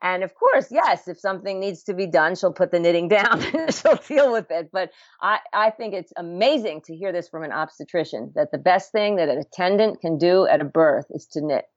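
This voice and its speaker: Low-voiced earnest midwife woman. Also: animated, moderate pace, few pauses, no room sound. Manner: earnest, repeats and restarts words, laughs often. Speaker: home birth midwife, guest. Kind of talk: podcast interview talk. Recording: dull lo-fi sound, dry.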